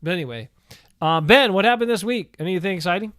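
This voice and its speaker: A joking man with a bright, slightly high voice co-hosts a fan talk show over a video call. He teases and repeats his lines. The sound is dry and close. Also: animated, quick pace, no room sound. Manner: joking and teasing, repeats himself. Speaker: co-host of a sports fan show.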